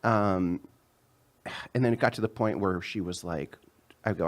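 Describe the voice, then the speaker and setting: A man in his thirties, a comedian guest telling a story in casual chat and acting out the quotes. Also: moderate pace. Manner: animated storyteller, acts out quotes in a higher voice.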